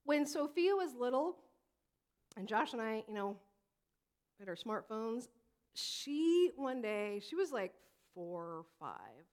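A woman pastor in her thirties delivers a sermon with a high voice. She talks in a chatty, animated way, telling stories and acting out the lines of the people in them. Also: takes it slowly, long pauses. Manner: conversational, animated storytelling with acted quotes.

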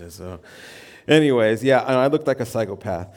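A man's voice: medium pitch, lively intonation, fairly quick. A middle-aged male pastor preaching a sermon, telling a self-deprecating personal story and acting out the people he quotes. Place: church.

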